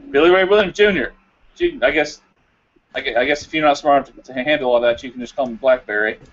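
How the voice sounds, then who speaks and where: A man's voice: on the high side, highs cut off, noisy background, natural voice. A man voicing a crude, boastful man who owns slaves, stammering and blustering over online voice chat.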